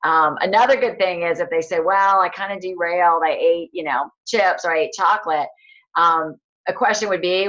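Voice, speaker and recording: A woman's voice: lowish voice, expressive, a little fast, a bit bright, lo-fi sound. A woman health coach explaining coaching questions in a casual, rambling way, with many fillers and restarts. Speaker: health coach leading a training call. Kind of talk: casual teaching talk.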